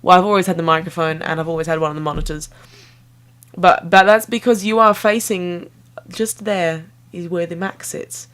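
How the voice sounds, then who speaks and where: A woman's voice: on the low side, steady tone, moderate pace, fairly bright tone. A young woman, rambling casually to camera in a playful, self-mocking way that jumps between tangents. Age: young adult. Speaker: vlogger.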